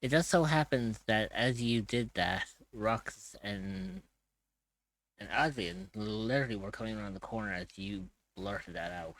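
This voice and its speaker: A man's voice: fairly low pitch, animated, unhurried, a bit bright, no echo, rough recording. A man narrating a tabletop game as its game master, with hesitant fillers.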